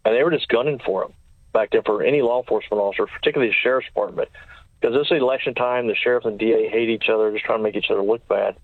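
A man's voice: fairly low pitch, no echo. A former sheriff's deputy recounting his case in detail as an interview guest, quoting what others said to him. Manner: fast, detailed recounting with quoted dialogue. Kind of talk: storytelling in an interview. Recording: tinny phone line, dry.

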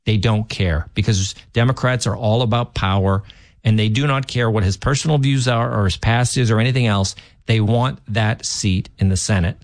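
A man's voice: lowish voice, moderate pace, no room sound, studio quality. A man filling in as a talk radio host, giving opinionated political commentary with emphatic, restarting delivery.

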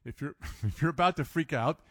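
A man's voice: fairly high pitch, fairly quick, husky, no room sound. Chatty male radio host, dry studio sound. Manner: chatty, laughs while talking. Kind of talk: radio show chat.

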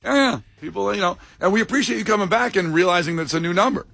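A man's voice: high voice, rapid-fire, gravelly, fairly bright tone, dry recording. A man hosting a morning radio show, bantering upbeat and joking with his co-hosts. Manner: upbeat, jokey, mock-impersonates callers.

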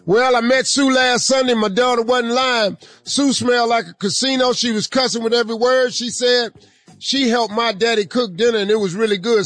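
A man's voice: very high voice, steady tone, normal speed, fairly bright tone, dry recording, faint music behind. A man hosting a radio advice segment, reading a letter aloud with playful, drawling comic asides.

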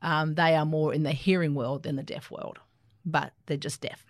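An Australian woman, an Auslan interpreter, answering interview questions in an animated, explanatory way. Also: sits low, moderate pace, dry recording, clean studio sound. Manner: animated, explanatory, laughs easily.

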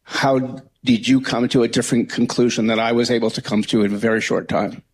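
A man, a newspaper columnist, asking a pointed, deliberate question at a press conference. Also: medium pitch, fairly even intonation, slightly rough, rough recording.

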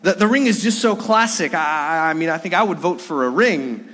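A pastor slips into a German-accented male athlete, stumbling and restarting as he weighs his words, his voice pitched a touch high. The sound rings with a long church reverb. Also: expressive, brisk, fairly bright tone. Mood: bemused. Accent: German (put on). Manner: hesitant, self-correcting. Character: tall German basketball star, mild and amused.

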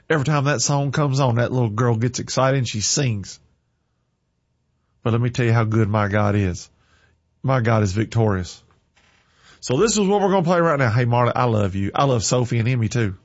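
A man hosting a worship music show in a fervent, preacher-like way, breaking into impassioned bursts. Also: mid-range voice. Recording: dull lo-fi recording.

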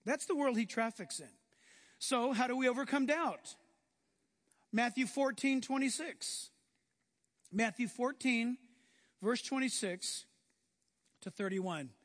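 Male preacher, animated sermon delivery, voice pitched very high, recorded with long hall reverb. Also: unhurried, pauses often. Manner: animated, acts out biblical scenes in voices.

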